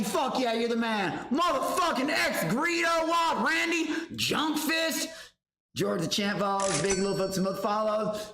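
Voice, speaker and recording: A young man hosting a livestream from his garage, loud and profane, shouting out names from chat. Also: sits high, creaky. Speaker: livestream host. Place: home garage. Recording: roomy garage echo.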